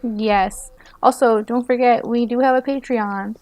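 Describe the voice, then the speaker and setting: Woman, podcast co-host, fairly high voice, giggly, jokey, slangy, casual chat. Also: steady tone, a little slow, a little mellow, dry recording. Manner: giggly and joking, with slangy asides.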